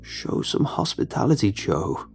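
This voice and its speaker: A man voicing a creepy, frail male creature who calls himself the sun, with a slow, drawn-out, croaking voice. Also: lowish voice, very animated, faint music behind. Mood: menacing.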